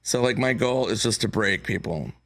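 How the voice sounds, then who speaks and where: A man being interviewed in a talk show studio, a comedian telling lively stories and acting out the lines of people he quotes. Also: fairly low pitch, moderate pace. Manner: animated storyteller, acts out quotes. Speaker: comedian guest. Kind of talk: casual interview chat.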